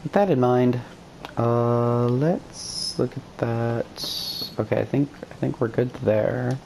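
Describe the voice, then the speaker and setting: A woman with a very deep voice giving rambling, self-deprecating let's-play commentary as she plays. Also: takes it slowly, creaky, darkish tone, a little hiss or hum. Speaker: game streamer.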